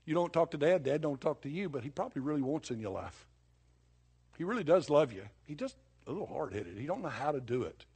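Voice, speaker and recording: Husky older preacher, folksy. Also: male voice, on the high side. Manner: folksy, conversational storytelling with sudden bursts of emphasis. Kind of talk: sermon.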